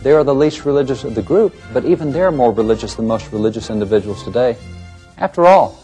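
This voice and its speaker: A man's voice: mid-range voice, expressive, fast, warm tone, soft background music. A man presenting a history lecture series in an emphatic, rhetorical manner with pointed questions. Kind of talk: documentary lecture.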